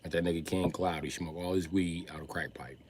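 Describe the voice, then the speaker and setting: A man streaming live, riffing through a profane comic rant in an animated, swearing manner. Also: sits low, a little fast, a little hiss or hum. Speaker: comedian streamer.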